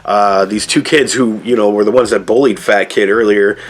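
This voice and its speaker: A man's voice: lowish voice, fairly even intonation, normal speed. Laid-back man rambling through a movie review. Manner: loose, rambling, frequent "like" and "I don't know" asides.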